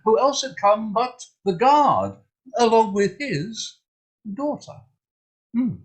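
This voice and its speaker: Playful, animated male storyteller. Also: sits high, husky. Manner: playful, animated, with mock drama. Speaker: storyteller and event host. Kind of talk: storytelling to an online audience.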